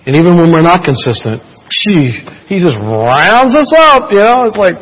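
Husky-voiced man preaching playfully. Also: high-pitched, big pitch swings, normal speed, fairly bright tone. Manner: playful, chatty, interacts with congregation. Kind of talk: sermon. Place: church. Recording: church hall reverb.

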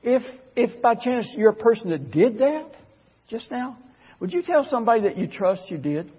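A man's voice: very high voice, big pitch swings, normal speed, breathy edge, long reverb tail, dull audio. A man preaching in a church, telling his own story in a folksy, conversational way with stammered restarts. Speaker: guest preacher. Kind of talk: sermon with personal testimony.

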